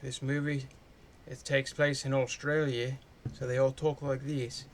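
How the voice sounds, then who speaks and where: A man's voice: mid-range voice, level tone, a little slow, hardly any pauses, slight background noise. A man doing a casual, chatty movie review, loose and full of swearing.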